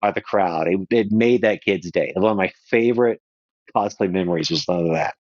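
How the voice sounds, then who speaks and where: A man guest on a podcast telling a playful anecdote in a casual, animated way. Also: low voice, brisk, no room sound, highs cut off. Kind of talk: casual storytelling.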